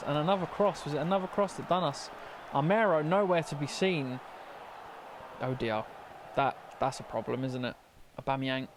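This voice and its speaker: A man's voice: fairly high pitch, noisy background. A young man commentating his own football video game, flustered and stammering as things go wrong. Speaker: gaming commentator. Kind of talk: casual gameplay commentary.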